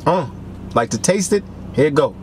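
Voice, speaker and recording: A young man reviewing snacks in a casual vlog, talking in an animated, joking way full of slang. His voice sits a bit high and swings widely in pitch. A faint background noise runs underneath. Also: moderate pace. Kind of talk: casual taste-test vlog.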